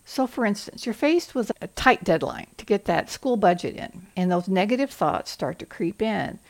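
A woman's voice: medium pitch, animated, normal speed. A woman from the American South, hosting a motivational podcast for school leaders in an earnest, coaching manner.

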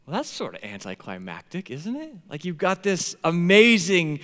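A man in his thirties preaching a sermon as a pastor, animated, swinging from hushed tones to near shouting. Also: on the high side, unhurried. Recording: long hall reverb.

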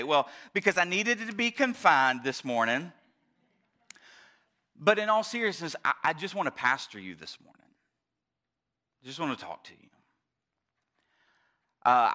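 Male pastor, high and bright, talking through a sermon with loose storytelling and frequent restarts. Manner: drops to a soft, quiet tone. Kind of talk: Mother's Day sermon. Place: church service, also streamed online.

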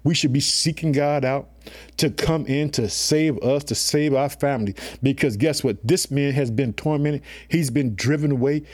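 This sermon comes from a man whose voice is medium in pitch and a touch mellow, moving at normal speed. Colloquial and emphatic, he treats listeners as family, with "guess what" and "let me tell you something" recurring often.

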